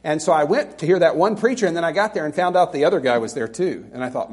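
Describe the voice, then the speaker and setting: A middle-aged pastor from Alabama preaches in a loose, conversational way and pokes fun at himself. His voice sits fairly high for a man. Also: fast talker, few pauses, darkish tone. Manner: conversational, self-deprecating, with laughing asides. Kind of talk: sermon.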